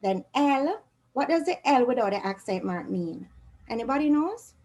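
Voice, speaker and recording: A woman's voice: on the high side, big pitch swings, normal speed, darkish tone, poor audio. A woman teaching a Spanish revision class, patiently quizzing her students with questions.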